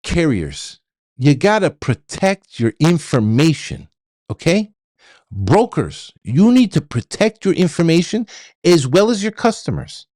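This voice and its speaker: Male show host, middle-aged, blunt and repetitive, stammers, animated delivery in a dead-dry room. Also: fairly high pitch, unhurried, no echo. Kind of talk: ranting monologue to viewers.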